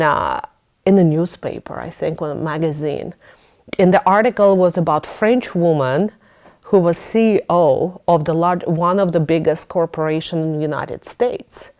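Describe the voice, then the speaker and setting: A woman hosting a podcast in casual interview talk, telling stories with lots of animation and frequent laughs. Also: fairly low pitch. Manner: animated storytelling, laughing often; acts out her own thoughts in a raised voice. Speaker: podcast host.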